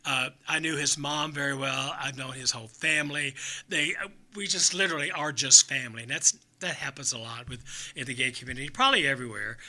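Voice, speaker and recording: A man's voice: mid-range voice, fast talker, bright, forceful tone. A middle-aged man hosting a talk show, giving a chatty, campy opening monologue full of jokes and self-mocking asides.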